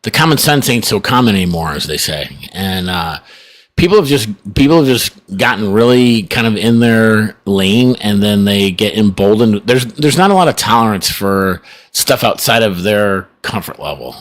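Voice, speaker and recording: A man's voice: fairly low pitch, expressive, moderate pace. A middle-aged man co-hosting a podcast in casual chat, rambling and laid-back with frequent chuckles. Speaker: podcast co-host.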